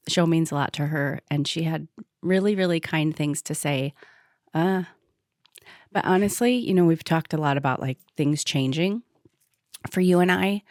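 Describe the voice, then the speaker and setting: A woman's voice: deep voice, a little mellow, no room sound, clean studio sound. A middle-aged woman co-hosting a podcast, telling a story in a casual, emotional, tearful way. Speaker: podcast co-host. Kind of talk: casual chat.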